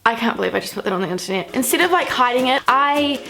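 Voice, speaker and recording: A woman's voice: fairly high pitch, lively intonation, fast talker, vocal fry, sharp tone, faint music behind. A young woman from New Zealand telling personal stories to camera in a chatty, self-mocking way. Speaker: vlogger. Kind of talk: casual storytelling to camera.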